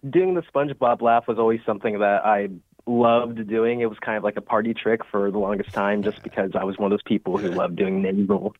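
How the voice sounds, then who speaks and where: A man's voice: lowish voice, steady tone, a little fast, dry recording. Young man on a tinny phone line. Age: 20s. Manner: upbeat, chatty, many "like" fillers. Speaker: caller, student actor. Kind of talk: phone-in radio interview.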